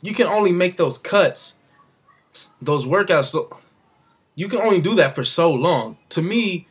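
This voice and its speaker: Guy ranting casually about sports, kinda high and husky, chatty asides. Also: lively intonation, measured pace. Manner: rambling, conversational, offhand asides. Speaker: sports commentator vlogger. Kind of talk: casual opinion monologue.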